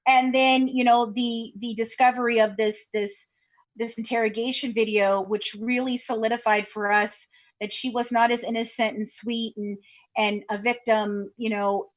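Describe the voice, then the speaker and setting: A woman from Kentucky, a true crime podcast co-host, chatting in an interview over a video call as a lively storyteller. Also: on the high side, normal speed. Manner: chatty storyteller, acts out quoted voices. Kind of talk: casual interview chat.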